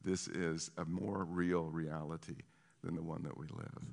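Preacher guy, low-ish but bright pushy voice, lots of restarts, big echoey hall. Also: measured pace, gravelly. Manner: animated storytelling with many restarts. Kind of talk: sermon. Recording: long reverb of a large hall.

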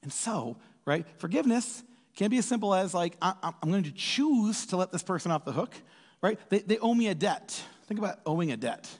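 A man preaching a casual sermon in a lively way, acting out quotes in different voices. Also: high voice, a little fast, breathy edge. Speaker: pastor. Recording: reverberant hall.

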